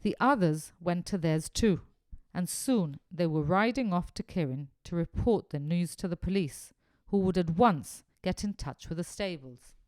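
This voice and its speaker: A woman narrating a children's adventure story in an expressive, animated reading. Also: fairly low pitch, a little slow, no echo, clean studio sound.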